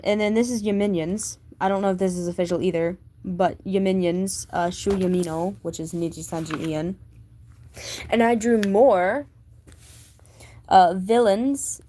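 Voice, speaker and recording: A woman's voice: medium pitch, dark tone. A woman vlogger chatting casually about her sketchbook, rambling with many fillers and gushing like a fan. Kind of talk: casual chat.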